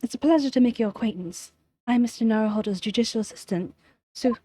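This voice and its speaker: A woman's voice: a little high, quick pace, mellow, a little hiss or hum, close to an everyday voice. Woman reading as a polite young legal assistant. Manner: formal and earnest.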